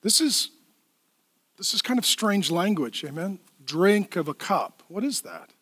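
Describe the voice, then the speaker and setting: A male pastor preaching a lively, playful sermon in a church, acting out the people in the story. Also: high voice, measured pace, no echo. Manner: animated, playful, acts out voices and laughs at own jokes.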